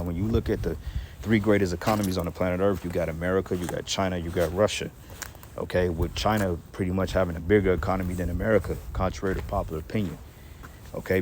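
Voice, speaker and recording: A man's voice: low-pitched, darkish tone, slight background noise. A man in his thirties giving casual, rambling bible prophecy teaching, reading scripture aloud and cursing now and then.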